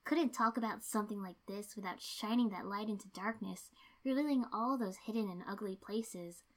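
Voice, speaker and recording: A woman reading a first-person story aloud in an even, steady narration. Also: mid-range voice, moderate pace. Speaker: reader.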